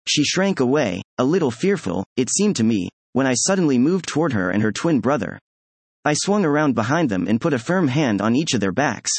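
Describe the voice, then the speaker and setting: Male audiobook narrator, measured storyteller, husky tone, dry close mic. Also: mid-range voice, big pitch swings, no room sound. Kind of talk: first-person story narration.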